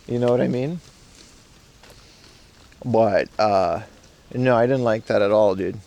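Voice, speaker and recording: Gravelly-voiced man live-streaming outdoors. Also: fairly low pitch, takes it slowly, darkish tone. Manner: rambling, slangy, reads chat aloud. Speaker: IRL streamer. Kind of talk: casual live-stream chat. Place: outdoors in a park in Japan.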